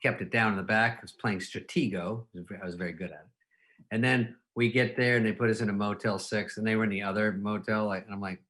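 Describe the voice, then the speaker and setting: A man's voice: lowish voice, fairly even intonation, a little fast, a bit bright. A man in his fifties, a comedian telling rambling anecdotes in casual chat, often laughing at his own stories. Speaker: comedian guest.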